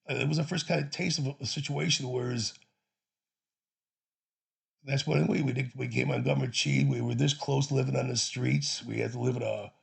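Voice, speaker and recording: A man's voice: mid-range voice, vocal fry, husky. A man from Chicago casually telling a personal story, rambling and profane with many restarts. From Chicago, USA.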